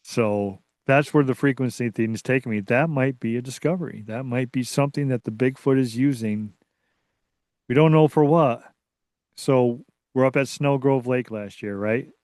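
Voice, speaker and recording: A man being interviewed as a researcher, telling a story in a casual, excitable way that rambles and restarts. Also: mid-range voice, normal speed, dry recording, clean studio sound. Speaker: guest, Bigfoot researcher.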